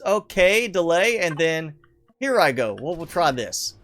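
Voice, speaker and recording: A man's voice: high-pitched, very animated, takes it slowly, a bit bright. A man casually commenting on a player-built game base on a live stream, rambling and poking fun at himself. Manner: chatty, rambling, self-deprecating, chuckles often. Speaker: streamer showcasing player builds.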